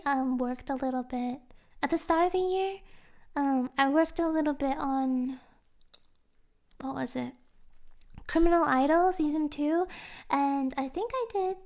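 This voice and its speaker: A young woman streamer chatting casually with her live chat, gushing and giggly, sometimes dropping to soft whispers. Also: sits high.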